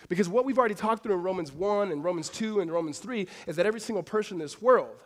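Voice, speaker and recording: A man preaching a sermon to a congregation, telling stories with swings between hushed and emphatic delivery. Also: sits high, lively intonation, quick pace. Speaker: pastor. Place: church hall before a congregation.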